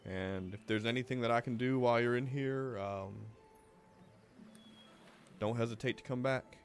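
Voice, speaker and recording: A man's voice: mid-range voice, steady tone, normal speed, soft background music, lightly acted. A game master voicing a courteous male town mayor who speaks politely and formally. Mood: gracious.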